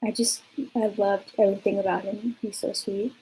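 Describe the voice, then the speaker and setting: In this poor-quality audio, a vlogger in her twenties recounts something that happened to her, speaking at a moderate pace in a medium-pitched voice with a breathy edge. Her retelling is lively and casual, full of chatter and frequent "like"s.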